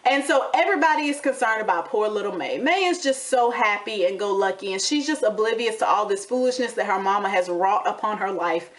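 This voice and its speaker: A woman's voice: mid-range voice, animated, fairly quick, few pauses. A woman hosting a reality TV recap, talking in a sassy, dramatic way and calling listeners honey and baby. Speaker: recap show host.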